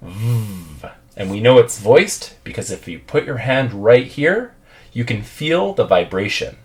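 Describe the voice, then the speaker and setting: A man's voice: mid-range voice, lively intonation, measured pace. A man teaching English pronunciation, patiently drilling words and having learners repeat after him.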